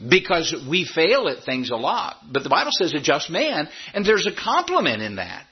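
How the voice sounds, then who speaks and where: Emphatic preacher with a husky voice. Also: male voice, fairly high pitch, huge pitch swings, normal speed, muffled recording. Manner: emphatic preaching with repetition and stretched-out words. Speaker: pastor. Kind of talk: sermon.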